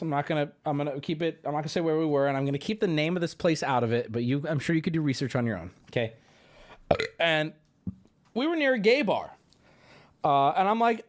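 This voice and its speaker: Rambling, self-mocking male streamer. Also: a little high. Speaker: streamer host. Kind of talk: casual chat, storytelling.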